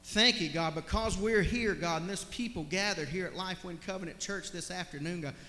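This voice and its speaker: A man's voice: high-pitched, fairly quick, pushed and bright. A man, a pastor preaching and then leading a heartfelt prayer, often repeating "God" and "Lord". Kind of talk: sermon and closing prayer. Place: church sanctuary. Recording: echoey church hall.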